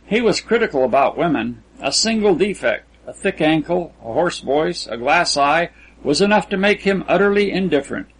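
Husky-voiced man reading a story aloud. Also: on the high side, lively intonation, normal speed, low-quality recording. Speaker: audiobook narrator. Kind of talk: scripted literary narration.

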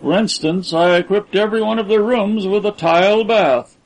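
A man's voice: high-pitched, normal speed, voice pushed up, rough recording. A man voicing a haughty, cold rich older man who speaks in a clipped, lordly way.

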